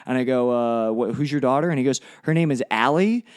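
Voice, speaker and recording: A man's voice: medium pitch, a little fast, smooth. A man in his twenties co-hosting a podcast, telling a rambling anecdote in casual chat, often laughing and full of "like". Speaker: podcast co-host.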